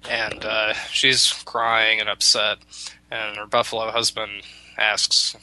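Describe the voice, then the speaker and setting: A man's voice: lowish voice, flat delivery, slow, pushed and bright, clear, resonant tone, low-quality recording. A man on talk radio telling a folk tale casually, rambling with many restarts. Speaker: radio show talker.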